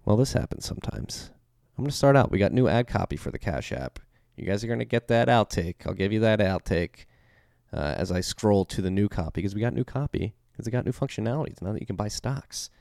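A man's voice: on the low side, expressive, brisk, gravelly, a little mellow, no room sound, clean studio sound. A man with a Philadelphia accent hosting a podcast, reading ads in a loose, chatty way with many ums and restarts. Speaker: podcast host. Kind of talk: casual podcast intro and ad reads.

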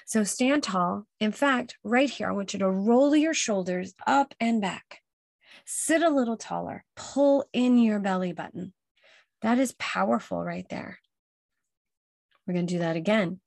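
A woman's voice: medium pitch, gravelly, no echo, studio quality. A woman hosting a motivational self-help podcast, speaking emphatically and repeating her key phrases to encourage listeners. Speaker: podcast host.

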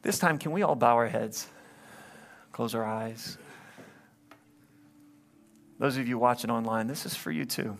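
A man's voice: mid-range voice, measured pace, creaky, long pauses, slight background noise. Impassioned male pastor preaching. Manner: impassioned, rising to loud climaxes then hushed. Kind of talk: sermon with altar call. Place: church sanctuary, livestreamed.

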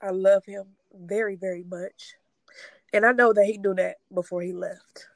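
Tearful woman talking haltingly. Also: mid-range voice, fairly even intonation, gravelly, no room sound, rough recording. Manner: halting, tearful, trying not to cry. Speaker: grieving sister sharing her story. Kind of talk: emotional casual conversation.

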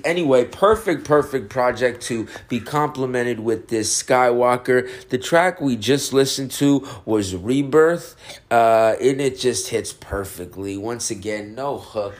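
Laid-back stoned man rambling on a podcast. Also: on the low side. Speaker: podcast host reviewing music. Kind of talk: casual chat.

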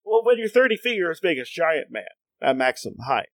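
A man's voice: a little high, sing-song, a little fast, fairly bright tone, dry recording. A man co-hosting a casual comics podcast. He reads passages aloud, laughs a lot and often restarts his sentences. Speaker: podcast co-host.

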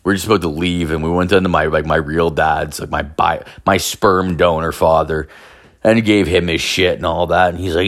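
Man, low voice, casual rambling storyteller, heavy swearing; brief: crude anecdote teller. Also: a little fast, a bit bright. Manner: rambling, swears constantly, acts out quoted voices.

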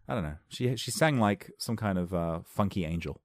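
A man's voice: deep voice, brisk, few pauses, dry recording, studio quality. A man in his thirties hosting a podcast, rambling through a jokey monologue and laughing at his own jokes. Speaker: podcast host.

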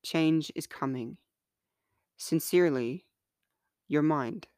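A woman reading her own book aloud, slow and earnest, in a smooth, soft-spoken voice. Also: deep voice, no room sound, studio quality.

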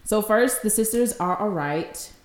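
A woman's voice: medium pitch, expressive, unhurried, reverberant. A woman podcast co-host in casual chat, reacting with laughter and giving book recommendations.

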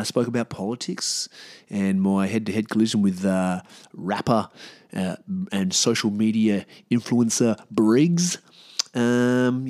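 A man's voice: on the low side, darkish tone, dry recording, clean studio sound. A man hosting his own podcast, talking casually and bluntly with plenty of swearing. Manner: blunt, swears freely, rambling. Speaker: podcast host. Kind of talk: casual solo podcast outro.

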